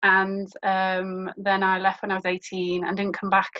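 A woman's voice: medium pitch, monotone, normal speed, sharp tone, highs cut off, a little hiss or hum. A woman, a humanist celebrant chatting as a podcast guest and explaining things with plenty of fillers. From born in England, raised in Birkenhead. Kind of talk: casual podcast interview.

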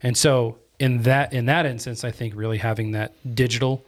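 A man hosting a podcast and telling a story in an energetic, chatty way. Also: medium pitch, normal speed. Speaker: podcast host. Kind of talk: casual storytelling chat.

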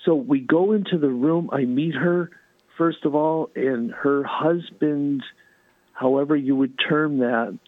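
A man telling fervent testimony stories as a talk show guest, with a husky voice and many restarts. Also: on the high side, slow, dry recording, phone-quality sound.

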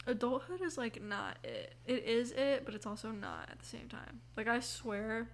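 A woman's voice: fairly high pitch, lively intonation, moderate pace, a little hiss or hum. A woman in her twenties hosting a casual podcast, rambling with lots of fillers, yawning now and then and swearing casually. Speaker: podcast host. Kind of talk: casual chat. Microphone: headphones on, recording mic.

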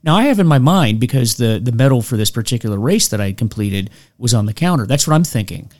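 A man's voice: mid-range voice, expressive, fast talker, darkish tone. A man hosting a podcast interview, telling stories in a self-deprecating way, laughing often and restarting his sentences. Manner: frequent restarts and "you know". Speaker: podcast host. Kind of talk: casual storytelling interview.

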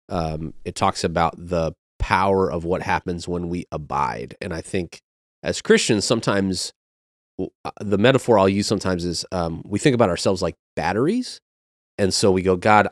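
A man's voice: deep voice, dry recording, clean studio sound. A man, a pastor, in casual podcast conversation, earnest and reflective, explaining with everyday metaphors.

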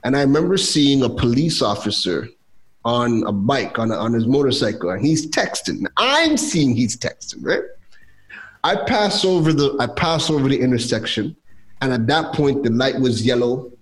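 A young man from Trinidad, telling a personal story in a casual chat as a guest, animated and quoting others. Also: medium pitch, normal speed. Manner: animated, lively retelling with quoted voices.

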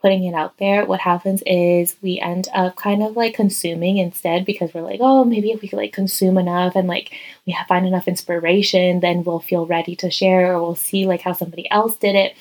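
A woman hosting her own podcast from a guest bedroom, talking casually and warmly into a close mic, full of "like" fillers and slipping into soft whispers. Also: on the low side, steady tone, a little fast, few pauses, rough recording. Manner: heartfelt, chatty, many "like" fillers, dips into whispers. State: teary-eyed. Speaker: podcast host and coach. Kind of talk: casual solo podcast talk. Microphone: close podcast mic, crouched over it.

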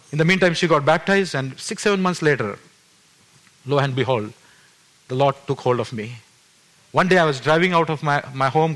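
Bright-voiced man in his 50s preaching. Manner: swings between loud emphatic peaks and hushed low passages; earnest storytelling with frequent restarts. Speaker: pastor. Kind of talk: testimony sermon.

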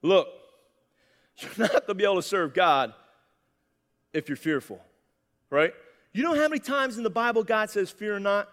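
A high-pitched man preaches with lively energy, pausing for amens from his listeners. His voice carries a long reverb, as in a church hall. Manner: animated, calls for "amen". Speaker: pastor. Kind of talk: sermon.

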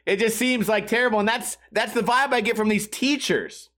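A man's voice: sits high, moderate pace. A young adult man ranting casually and profanely, acting out other people's voices. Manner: profane, animated, acts out yelling voices.

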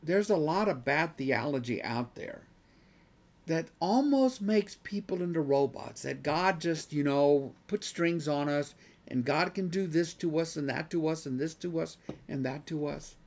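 A man's voice: fairly high pitch, expressive, a little slow, a little mellow. A man teaching a Bible study class in an earnest way who gets worked up and says he is losing his voice.

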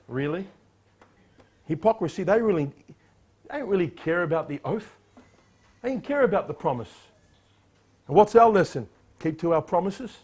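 High-voiced emphatic male preacher. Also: expressive, normal speed, pauses often, slightly rough. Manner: emphatic, rising sharply on exhortations; reads scripture in a louder, declamatory voice. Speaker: pastor. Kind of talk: sermon with scripture reading.

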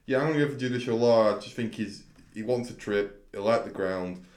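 A man's voice: medium pitch, fairly quick, a little mellow. A man chatting casually about horse racing tips, thoughtful and a little hesitant. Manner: thoughtful, hesitant, repeats words. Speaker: racing tipster. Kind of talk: casual chat. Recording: echoey room.

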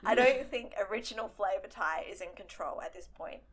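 A young woman co-hosting a casual podcast chat, excitable and quick to swear, with lots of fillers. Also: medium pitch. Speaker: podcast co-host.

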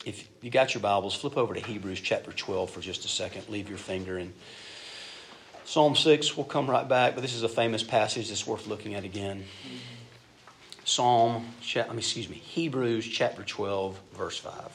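A middle-aged man preaching a sermon, telling stories and shifting between loud emphatic bursts and soft asides. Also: fairly low pitch, moderate pace, slight background noise. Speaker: pastor.

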